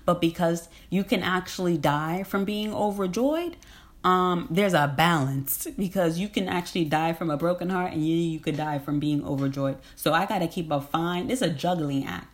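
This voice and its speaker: A woman's voice: lowish voice, normal speed. A woman talking in a casual, rambling monologue. She is emphatic and slangy, laughs often, and repeats herself.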